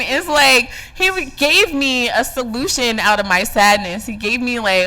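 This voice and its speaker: A woman's voice: sits high, animated, measured pace, hardly any pauses, sharp tone, poor audio. A young adult woman hosting a podcast, talking frankly and emotionally straight to her listeners. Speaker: podcast host. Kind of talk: candid podcast monologue.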